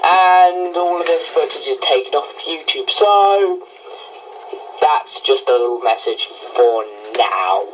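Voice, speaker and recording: A man's voice: a little high, expressive, takes it slowly, echoey room, a little hiss or hum. A teenage boy narrating a video game review with enthusiastic, gushing praise. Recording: distant voice under loud music.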